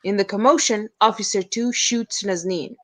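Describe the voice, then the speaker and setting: A woman reads the stage directions aloud in a plain, even narration. Her voice is mid-pitched and steady. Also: moderate pace, low-quality recording. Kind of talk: scripted narration.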